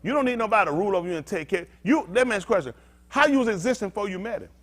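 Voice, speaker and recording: A man preaching a sermon-style teaching with call-and-response. He talks bluntly, swinging between loud emphatic outbursts and low muttered asides. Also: lively intonation, rapid-fire. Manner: blunt, street-talking preacher. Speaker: pastor.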